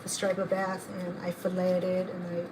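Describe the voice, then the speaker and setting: A woman's voice: lowish voice, monotone, moderate pace, background noise. A middle-aged woman rambles through a story as she cooks, her voice staying fairly level. She wanders from one tale to the next in an easygoing, chatty way. Running water and kitchen clatter are plain behind her. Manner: rambling, digressive storytelling while cooking. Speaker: home cook and channel host. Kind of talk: chatty cooking vlog. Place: home kitchen.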